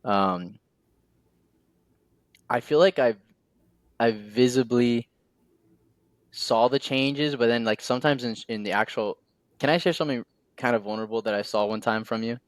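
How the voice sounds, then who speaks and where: A young man talking on a podcast in a mid-pitched, loose voice, looping through his story with plenty of fillers and false starts. The sound is very dry and close, with no room echo. He speaks as the show's host in a heartfelt, casual conversation. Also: moderate pace, pauses often. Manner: rambling storytelling with many fillers.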